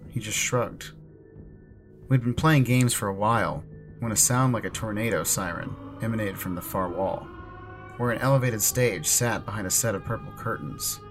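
Low-voiced male horror narrator. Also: gravelly. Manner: measured, ominous storytelling.

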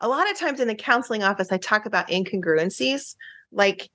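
A woman's voice: medium pitch, expressive, pushed and bright. Earnest chatty woman counselor. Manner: earnest, chatty, many fillers and restarts, quick laughs. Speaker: marriage counselor, guest. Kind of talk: casual interview chat.

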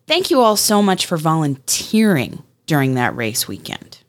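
A woman with a low, deep voice co-hosts a relaxed podcast. She talks in a chatty, easygoing way and congratulates listeners by name. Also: normal speed. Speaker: podcast co-host. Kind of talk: casual podcast chat.

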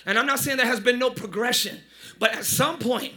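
A man preaching a lively sermon as pastor, often shouting and joking with the congregation. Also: extremely high pitch, fairly quick. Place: church sanctuary.

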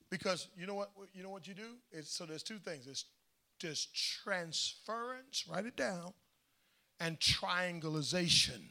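High, bright-voiced man preaching emphatically. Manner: emphatic call-and-response preaching, swinging from shouts to hushed asides. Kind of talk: sermon.

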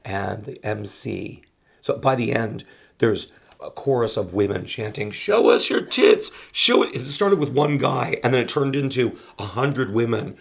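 A man, a comedian, telling an animated anecdote and restarting his sentences often. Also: medium pitch, measured pace, creaky, husky. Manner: acts out quoted voices, restarts often.

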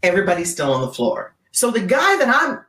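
Her tone fairly bright, a woman who is a keynote speaker tells a story as a podcast guest, with huge pitch swings as she gets carried away. She repeatedly checks in with "right?" in a recording with a roomy echo.

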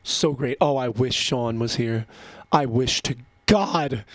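A man's voice: medium pitch, measured pace, no echo. A man hosting a casual radio show, rambling between songs, gleeful and profane, laughing often.

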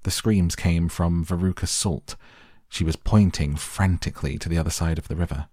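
A man narrating an audiobook with measured storytelling, slowing down for effect. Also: low-pitched, fairly even intonation, darkish tone, no room sound, studio quality. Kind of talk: scripted narration.

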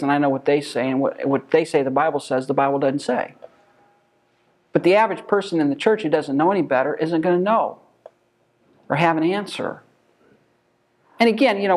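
Male Bible teacher, emphatic, rhetorical, voice sits a bit high. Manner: emphatic, asks rhetorical questions.

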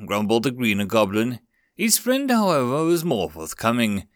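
Man reading a story with lively pitch. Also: normal speed, no room sound, clean studio sound.

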